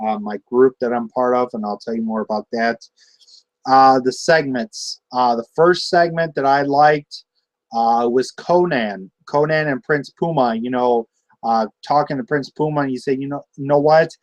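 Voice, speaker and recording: A young man giving a casual, rambling solo review of a wrestling show, excitable and full of fillers and restarts. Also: medium pitch, no room sound, dull audio.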